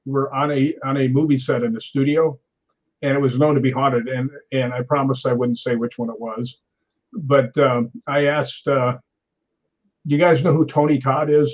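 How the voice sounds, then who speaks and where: In this storytelling interview, a sixty-something stuntman speaks at a moderate pace with a medium pitch that barely moves. He acts out quotes, laughs a lot, and brings his tales to life, though the audio loses its high frequencies.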